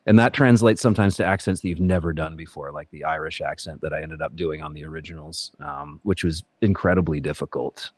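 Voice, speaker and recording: A man speaks as a guest on a casual podcast in a very low, deep voice. He wanders through his thoughts with fillers and restarts. The sound is dry and close. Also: a little fast, few pauses, a little mellow, slightly rough, no room sound. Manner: reflective, rambling with many fillers and restarts. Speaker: actor guest.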